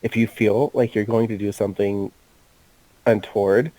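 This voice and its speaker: A man playing a tabletop game, teasing the others in a quick, stammering way. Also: on the low side, steady tone, mellow, rough recording. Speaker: player. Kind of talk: casual tabletop play.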